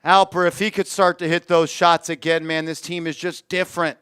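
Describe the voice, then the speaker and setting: A man streaming live fan play-by-play commentary, getting excitable and shouting on big plays while reading the chat aloud. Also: fairly high pitch, fairly quick, clean tone, no echo, studio quality.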